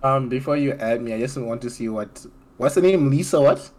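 A young man playing a casual quiz, blunt and joking, quick to exclaim. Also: medium pitch, a little mellow. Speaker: quiz player. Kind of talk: casual chat.

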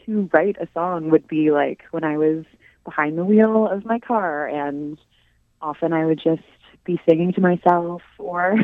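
In a relaxed interview, a thirty-something Canadian woman who writes and sings her own songs talks with a low-sitting voice, full of ums, small laughs and hesitant, giggly moments. The audio is dry and phone-like in its narrow sound.

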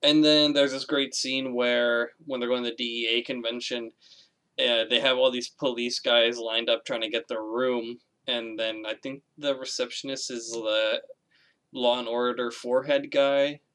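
A man's voice: mid-range voice, level tone, normal speed, a bit bright, clear, resonant tone. A man in casual conversation about a film, retelling scenes with laughs, swearing and acted-out quotes.

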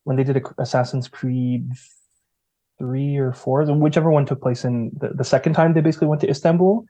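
Male co-host, mellow dark tone, loose rambling delivery full of "like"s. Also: mid-range voice, steady tone, fairly quick, highs cut off. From Greek family background. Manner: rambling, many fillers and restarts. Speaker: video essay co-host. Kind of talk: casual chat.

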